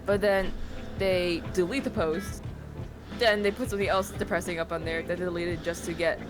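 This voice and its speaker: A podcast guest in casual chat, talking in animated slang and joking along. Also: mid-range voice, normal speed, over music.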